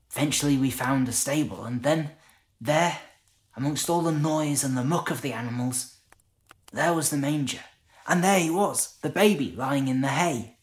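A man's voice: mid-range voice, close to an everyday voice. An actor playing a humble male shepherd recalling a night by the fire, in a conversational, hesitant, marvelling way. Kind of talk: dramatic monologue.

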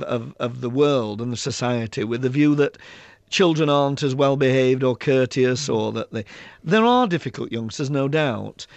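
A man's voice: medium pitch, gravelly, no echo. A man, an author and public speaker, telling anecdotes in an interview and mimicking the people in his stories.

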